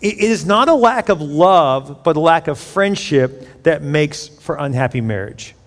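A man's voice: on the high side, animated, unhurried. A man preaching a sermon as pastor, conversational and joking, with sudden emphatic bursts. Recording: echoey hall.

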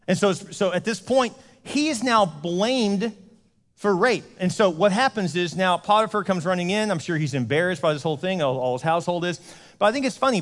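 A man preaching a casual, joking sermon as pastor, telling a story and acting out the characters' voices. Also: high-pitched. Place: church sanctuary. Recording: long hall reverb.

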